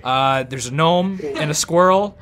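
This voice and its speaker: A man's voice: on the high side, unhurried, a bit bright. A man casually narrating as game master of a tabletop game, laid-back and full of fillers.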